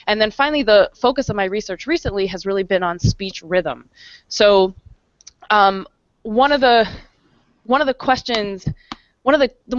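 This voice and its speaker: A woman's voice: medium pitch, dry recording. Woman professor explaining research, lo-fi. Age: 30s. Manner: clear explanatory tone with frequent ums and restarts. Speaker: panelist, psychology professor. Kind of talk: explaining research on an online panel. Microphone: video call.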